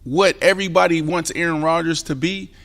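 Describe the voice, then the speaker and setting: A man in his forties, a co-host on a sports talk show, telling stories animatedly and with emphasis, sometimes dropping into a hushed voice. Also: on the high side, fairly quick, long reverb tail. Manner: animated storyteller, emphatic, drops into a hushed voice to tell a story. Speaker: co-host and former football player.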